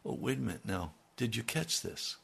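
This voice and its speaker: A man's voice: mid-range voice, lively intonation, moderate pace, gravelly, fairly bright tone, slightly rough. A man preaching, retelling a scripture story in a folksy way with conversational asides to his listeners. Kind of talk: storytelling sermon.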